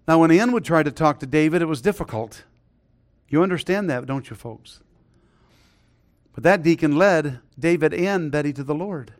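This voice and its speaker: A middle-aged man preaching a sermon, earnest, often dropping to a hushed voice when he tells a story. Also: a little high, expressive, moderate pace. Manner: earnest, drops to a hushed voice for stories.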